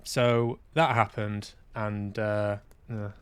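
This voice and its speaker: A man's voice: fairly low pitch, little pitch movement, takes it slowly, clean tone. A man hosting a podcast, talking candidly in a casual, reflective monologue, self-deprecating and swearing now and then. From Manchester, UK. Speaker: podcast host and actor.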